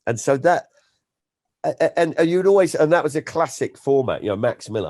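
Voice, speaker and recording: A man, a comedian, chatting as an interview guest and telling stories in an animated way, often slipping into impressions. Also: on the high side, a little fast. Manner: animated storyteller, slips into impressions. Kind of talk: casual interview chat.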